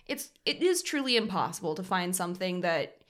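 A woman's voice: lowish voice, sing-song, fairly quick, fairly bright tone. A young woman from Ohio co-hosting a podcast, chatting casually, laughing often and explaining things like a teacher. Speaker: podcast co-host. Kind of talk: casual chat.

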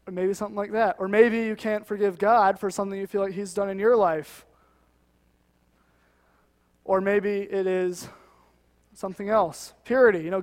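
A man with a fairly high voice gives an earnest, conversational sermon in a church, often dropping "you know" as he talks. His voice carries a long reverb from the hall around him. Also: flat delivery, measured pace, pauses often. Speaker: guest preacher.

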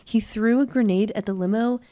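A woman co-hosts a casual history chat, telling the story playfully and laughing easily. Her voice sits a little high. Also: moderate pace, dark tone. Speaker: podcast co-host.

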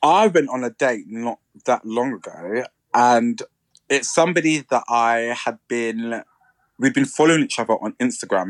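A man, co-hosting a podcast in a chatty, animated way. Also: mid-range voice, no echo. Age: 30s. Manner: chatty, animated, playful mimicry. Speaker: podcast co-host. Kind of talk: casual chat.

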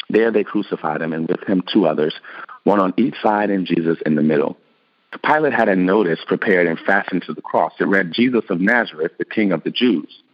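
Deep voiced guy reading scripture, steady even pace, muffled lo-fi sound. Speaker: scripture reader. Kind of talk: scripted narration.

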